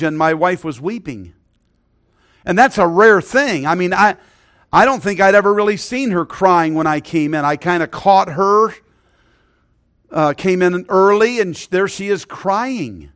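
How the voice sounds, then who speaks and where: A middle-aged man preaching a sermon, earnest, often dropping to a hushed voice when he tells a story. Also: high voice, smooth. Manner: earnest, drops to a hushed voice for stories.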